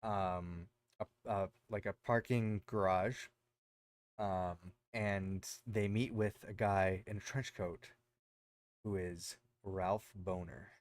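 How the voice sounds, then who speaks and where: Podcast co-host, male, rambling recap style with lots of ums, smooth lowish voice. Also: fairly even intonation, slow pace, dry recording. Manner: rambling, lots of fillers and self-corrections. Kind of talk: casual chat recapping a show.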